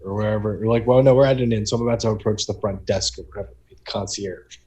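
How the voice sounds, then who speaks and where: A man's voice: lowish voice, steady tone, fast talker, warm tone. A man taking part as a player in a casual tabletop role-playing game, asking questions and apologizing as he checks details.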